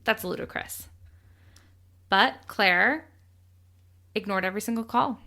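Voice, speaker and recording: Bright-voiced young woman telling a true crime story. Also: medium pitch, measured pace. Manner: chatty, laughs often, swears casually. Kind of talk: casual true crime podcast chat.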